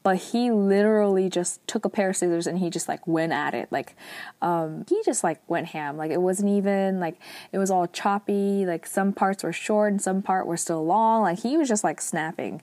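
A woman's voice: moderate pace, dry recording. Chatty young woman recapping a drama. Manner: chatty, heavy use of "like" and "um"; lively asides, acts out quotes in a higher voice. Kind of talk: casual retelling of a TV drama episode.

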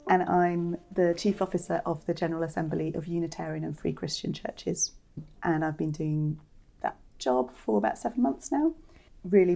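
A woman, a church organization's chief officer, explaining her work in a measured interview. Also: fairly low pitch, gravelly, dark tone.

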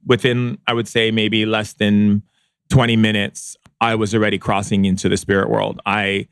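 A man recounting a personal experience as a podcast guest, speaking slowly and reflectively with frequent pauses and fillers. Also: fairly low pitch, flat delivery, fairly bright tone, clear, resonant tone, no echo, clean studio sound. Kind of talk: personal storytelling in a podcast interview.

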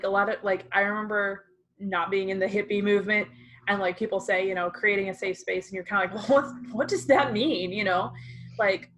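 Woman chatting on a podcast, earnest and animated, lots of likes and you knows. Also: medium pitch, low-quality recording. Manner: earnest, animated storytelling with many fillers. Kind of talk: casual conversation.

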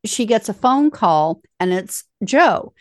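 A woman's voice: mid-range voice, lively intonation, slow pace, dry recording, clean studio sound. A woman in casual conversation, filling in and correcting details of a film's plot. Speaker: film podcast co-host. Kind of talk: casual film discussion.

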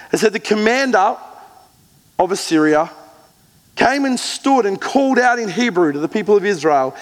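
A man preaching a sermon, retelling scripture with earnest emphasis and slow, measured readings. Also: high voice, in a large hall. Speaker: pastor.

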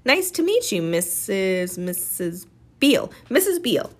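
A woman's voice: mid-range voice, sing-song, unhurried. Woman doing an eager, restless boy.

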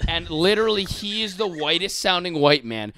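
A male comedian rambles through a casual chat, full of swearing and fillers, his voice sitting a little high and swinging widely. The recording is dry and close-miked. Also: sing-song, normal speed, sharp tone, no echo. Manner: profane, rambling, constant fillers, slips into impressions. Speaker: comedian, podcast co-host.

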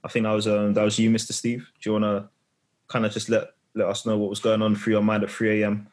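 A man hosting a casual football podcast, bantering with friends and repeating his points for effect. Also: fairly low pitch. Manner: relaxed, bantering, drawn-out repeats. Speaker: podcast host.

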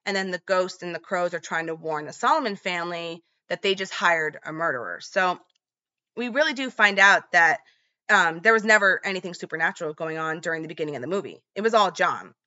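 A woman's voice: lowish voice, fairly quick, sharp tone, highs cut off. A woman casually retelling a movie's plot in a chatty vlog, with lots of fillers. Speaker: movie recap vlogger.

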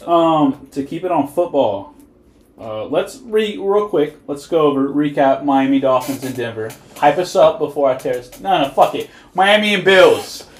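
A man co-hosts a casual sports podcast, talking loosely, swearing and laughing often. His voice is slightly high with lively pitch swings, and the room sounds echoey around him. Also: normal speed. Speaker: podcast co-host.

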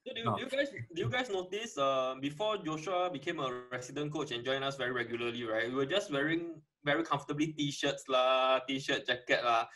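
A man hosting a casual talk show, energetic and quick, often laughing as he talks. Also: medium pitch, low-quality recording.

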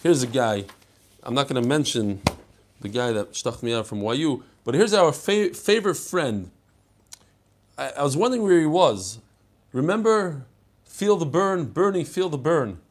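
A man's voice: mid-range voice, very animated, moderate pace, long pauses. An older man teaching a daily Talmud class, chatty and digressive, mixing Hebrew and Yiddish terms into his talk. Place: study hall.

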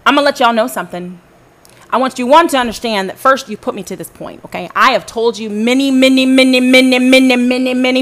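Woman host, fairly high voice, furious and foul-mouthed, talks right at her audience. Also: quick pace. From Southern United States. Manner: profane, confrontational, addresses listeners directly. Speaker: podcast host telling her own story. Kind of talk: angry personal monologue.

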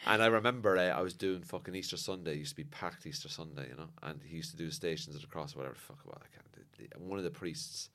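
A man's voice: very deep voice, quick pace, few pauses. A man telling stories in a casual chat, swearing often and acting out the lines of the people in them. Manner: swearing, animated, acts out quotes.

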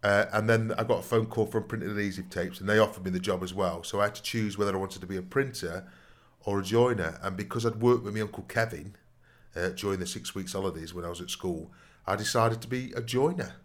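Rambling man, lowish voice. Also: fast. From Nottingham, England. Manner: rambling storyteller, often says "you know what I mean". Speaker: podcast co-host. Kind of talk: casual anecdotal chat.

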